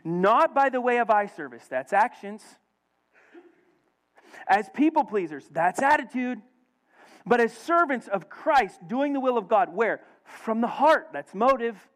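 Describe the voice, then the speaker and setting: A middle-aged man preaching a sermon, swinging between loud emphasis and hushed storytelling. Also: very high-pitched, sing-song, unhurried. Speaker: pastor.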